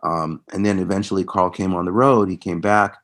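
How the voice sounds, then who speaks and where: A middle-aged man, a musician guest, telling stories from his career in a casual interview, lively in anecdotes and quieter when reflective. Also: deep voice, brisk. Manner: animated anecdotes, reenacting conversations; subdued, reflective when recalling loss.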